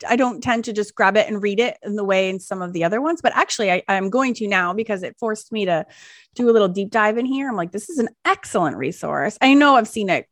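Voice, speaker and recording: A woman in her forties, co-hosting a podcast in casual chat, talking in an animated, rambling way with frequent laughs. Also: medium pitch, dry recording, studio quality. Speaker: podcast co-host.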